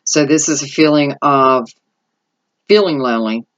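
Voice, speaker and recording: A woman's voice: extremely low pitch, moderate pace, lo-fi sound. A middle-aged woman giving an intuitive tarot reading, rambling and thinking aloud as she goes. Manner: rambling, thinking aloud, lots of "I feel like" asides. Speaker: tarot reader.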